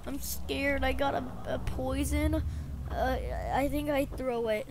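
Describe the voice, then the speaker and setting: Woman doing a scared little boy, stammering, whimpering, high voice, slow. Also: fairly even intonation, background noise. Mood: timid.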